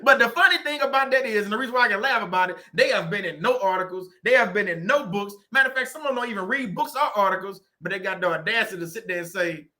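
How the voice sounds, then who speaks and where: A man's voice: high-pitched, expressive, fast talker, hardly any pauses, bright, forceful tone. A man from Louisiana, hosting a casual motivational talk, joking and laughing often as he makes his points. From Southern Louisiana. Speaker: channel host. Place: room at home.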